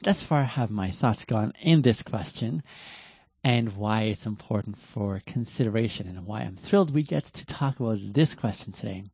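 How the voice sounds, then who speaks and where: Male host for a reflective talk: earnest, deliberate, restarts often, mellow and husky tone, dull lo-fi recording. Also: on the low side, animated, no echo.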